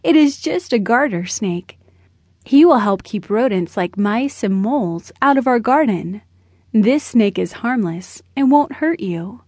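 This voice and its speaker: A woman voicing a gentle, reassuring young mother in a children's storybook. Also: a little high, expressive, a little slow, husky, no room sound, clean studio sound. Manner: soothing.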